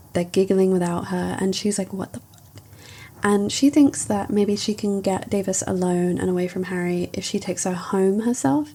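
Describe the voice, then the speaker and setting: A woman's voice: fairly low pitch, dark tone, slightly rough. A woman reviewing a book in a chatty, wry, casual recap. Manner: chatty, wry, recounting with quotes.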